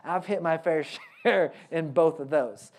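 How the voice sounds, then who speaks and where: A man from Oklahoma preaching with a light, high voice and a local twang. His sermon is folksy and full of quick joking asides. He repeats his key lines for emphasis. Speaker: pastor.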